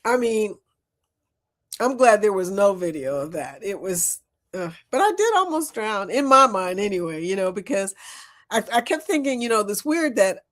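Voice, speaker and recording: A woman hosting a casual live-stream chat, talking loudly and laughing often. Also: medium pitch, normal speed. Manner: animated, laughs often, loud and lively.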